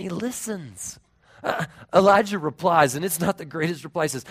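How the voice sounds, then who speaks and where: A man in his thirties preaching a sermon as pastor, earnest, moving between raised emphasis and hushed, tender tones. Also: fairly high pitch, lively intonation, normal speed, vocal fry, husky.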